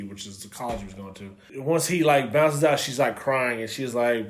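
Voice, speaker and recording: A man's voice: mid-range voice, moderate pace, few pauses. A man co-hosting a casual TV review, recapping scenes with lots of swearing and acting out the characters' lines. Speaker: co-host reviewing a TV series. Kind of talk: casual chat.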